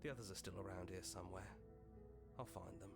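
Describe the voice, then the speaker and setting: A woman voicing a gentle companion in a video game who chooses to stay behind, speaking softly and slowly in a low voice. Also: steady tone, gravelly, music in the background. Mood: wistful.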